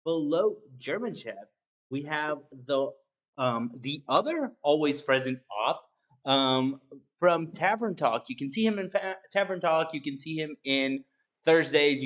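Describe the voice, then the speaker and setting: A man's voice: mid-range voice, normal speed, fairly bright tone. A man hosting a live-streamed game show, introducing each player in a casual, chatty way with frequent ums. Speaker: host.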